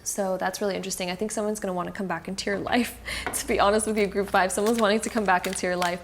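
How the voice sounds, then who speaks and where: A woman reads tarot cards for her viewers in a chatty, reassuring way, often pausing on fillers as she goes. Her voice sits at a middling pitch. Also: steady tone, slight background noise. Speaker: tarot card reader. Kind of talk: casual tarot reading to camera.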